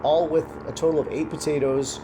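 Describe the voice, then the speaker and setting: A young man giving relaxed, casual commentary over his own gameplay, thinking aloud as he plays. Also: a little high, fairly quick, background noise. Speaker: gaming commentator.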